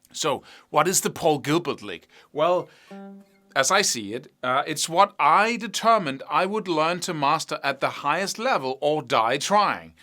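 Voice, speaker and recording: A man teaching guitar technique, explaining with vivid analogies and rhetorical questions in an animated way. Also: on the high side. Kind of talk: instructional talk to camera.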